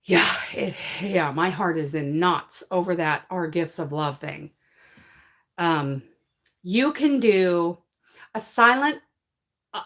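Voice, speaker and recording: A woman's voice: lowish voice, expressive, slow, a bit bright. A woman hosting a casual livestream and answering viewer comments, emphatic and emotional, often apologizing and laughing between points. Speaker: crochet livestream host.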